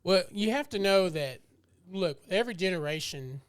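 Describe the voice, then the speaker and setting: A man's voice: high-pitched, animated, normal speed, smooth, no echo. Rambling, profane podcast co-host man. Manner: loose, profane, rambling with frequent "you know". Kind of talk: casual chat.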